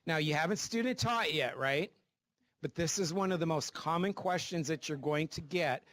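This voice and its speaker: A man's voice: fairly high pitch, moderate pace, fairly bright tone, dry recording. A man teaching a class of future teachers, coaching them through interview practice and often checking in with "right?". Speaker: teacher educator. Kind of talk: classroom instruction. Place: classroom with students.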